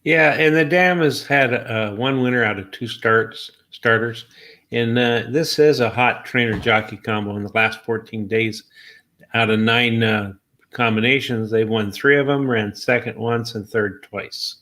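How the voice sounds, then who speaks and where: A man co-hosting a horse racing preview, answering with statistics in a measured way with some hesitant fillers. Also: medium pitch, sharp tone. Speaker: racing co-host. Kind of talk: horse racing analysis chat.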